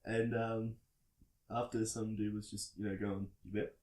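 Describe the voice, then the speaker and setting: A man's voice: lowish voice, little pitch movement, measured pace, darkish tone, roomy sound, low-quality recording. An Australian man hosting a casual chat, telling rambling stories full of fillers. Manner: rambling storyteller, full of "like" and "bloody". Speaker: podcast host. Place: indoors at a friend's home.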